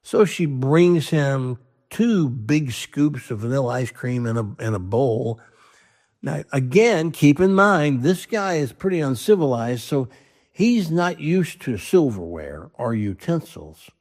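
A man's voice: mid-range voice, animated, slow, darkish tone. A man telling a long joke in a loose, rambling way, restarting his sentences and voicing his characters as he goes. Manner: rambling, with restarts and quoted voices. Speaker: joke teller.

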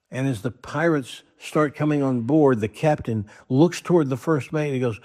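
A man in an ordinary middle pitch, hosting his show and telling a long joke. He draws the story out casually, restarting his sentences as he goes. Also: darkish tone. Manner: chatty, drawn-out storytelling with restarts. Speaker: podcast host.

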